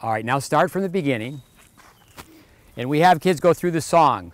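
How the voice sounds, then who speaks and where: A man's voice: fairly high pitch, normal speed. A man giving a tennis lesson on court, instructing a player with short commands and counting out the serve rhythm. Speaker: tennis coach.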